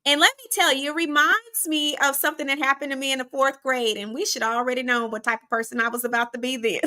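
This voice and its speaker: A woman from Arkansas chats through a personal story as host, talking straight to her audience. Her voice sits high and comes across bright and forceful. She keeps it lively and casual. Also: fast talker. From Arkansas, USA. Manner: chatty and animated, often addressing listeners directly.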